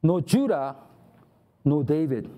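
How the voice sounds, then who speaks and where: A man's voice: on the high side, animated, slow, dull audio. A man preaching a sermon, acting out the voices of God and of people who complain to Him. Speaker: pastor.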